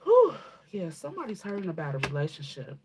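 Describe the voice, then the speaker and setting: Over background noise, a woman speaks at normal speed and medium pitch while giving a channeled spiritual reading to her viewers. She's a spiritual reader who talks casually and bluntly, swears, says "baby" to listeners, and emphatically repeats herself with frequent "okay?"s.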